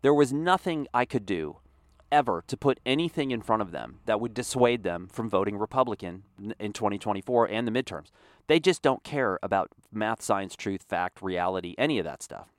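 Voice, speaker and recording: A man's voice: fairly low pitch, animated, moderate pace, no echo, studio quality. A man delivering a heated, exasperated political commentary monologue.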